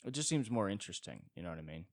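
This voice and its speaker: A young man from the United States riffs alone on his podcast, wry and self-deprecating, wandering from thought to thought. His voice sits very low. The sound is close and dry. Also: very animated, rapid-fire, dry recording. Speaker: podcast host. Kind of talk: solo comedic monologue.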